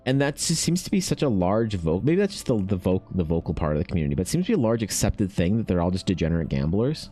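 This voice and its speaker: A man streaming while he paints, chatting casually and ranting with animated swearing. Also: deep voice, quick pace, few pauses, faint music behind. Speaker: artist streamer.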